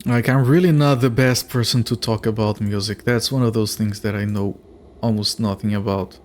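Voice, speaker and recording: A man's voice: on the low side, steady tone, normal speed, slight background noise. A man streaming a game, chatting with viewers and thinking aloud in a rambling, casual way, sometimes swearing. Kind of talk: casual let's-play commentary.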